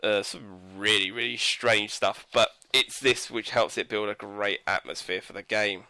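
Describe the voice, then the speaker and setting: A man's voice: fairly low pitch, fairly even intonation, normal speed, bright, forceful tone, no room sound. A man reviewing a video game in casual commentary, rambling and hesitant, with frequent fillers and self-corrections.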